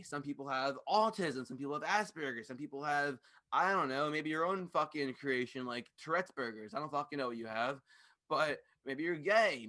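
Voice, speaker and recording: Guy ranting on his podcast, talks super fast, sharp tense voice, kinda high. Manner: fast-talking; loud, passionate, profane. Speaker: podcast host. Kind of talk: ranting monologue. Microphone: studio microphone.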